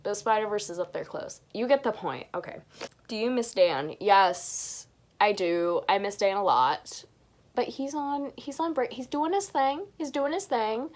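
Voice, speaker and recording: A woman's voice: medium pitch, lively intonation, a little slow. Chatty young woman rambling at home. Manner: chatty and rambling, with frequent restarts and gushing enthusiasm. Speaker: vlogger answering viewer questions. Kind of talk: casual chat. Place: home bedroom.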